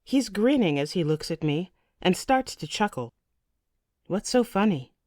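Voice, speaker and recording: A woman's voice: fairly low pitch, expressive, a little slow, a little mellow, no echo, clean studio sound. Woman narrating a tense saga in first person. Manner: vivid, tense storytelling. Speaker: audiobook narrator.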